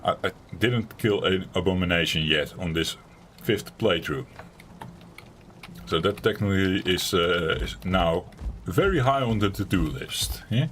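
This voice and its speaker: A man's voice: low-pitched, measured pace, fairly bright tone, slight background noise. A man with a Dutch accent chatting casually while playing a game, rambling and talking to his viewers. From Netherlands. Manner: chatty and rambling, talking to chat between tasks. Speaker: game streamer. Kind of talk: casual gameplay commentary.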